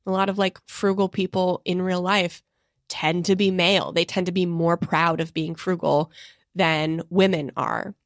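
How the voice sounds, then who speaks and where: A woman's voice: lowish voice, fairly even intonation, measured pace, no echo, studio quality. A woman co-hosting a podcast, talking earnestly and casually with frequent fillers. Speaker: podcast co-host.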